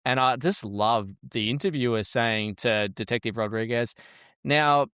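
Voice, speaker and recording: A man's voice: mid-range voice, moderate pace, a bit bright, smooth, no echo, clean studio sound. A man hosting a podcast, blunt and jokey, swearing freely. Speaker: podcast host. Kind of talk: casual podcast chat.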